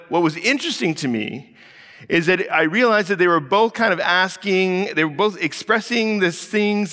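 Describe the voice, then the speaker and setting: A man in his thirties preaching a sermon, telling stories in a relaxed, conversational way and acting out the voices of the people in them. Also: on the high side. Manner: conversational storytelling, acts out quoted voices. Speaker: pastor. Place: church hall. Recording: echoey hall.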